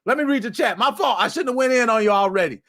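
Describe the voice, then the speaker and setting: A male streamer chatting casually on a live stream, loud and excitable, breaking into shouts. His voice sits high and sounds bright and sharp, and it swoops up and down all the time. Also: quick pace. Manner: animated, excitable, shouts often, slangy. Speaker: streamer, podcast host. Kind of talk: casual livestream chat.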